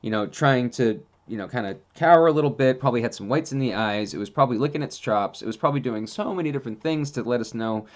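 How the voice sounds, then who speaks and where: A man hosting a casual monologue, telling rambling, animated stories with plenty of fillers. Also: medium pitch, quick pace, hardly any pauses. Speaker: host.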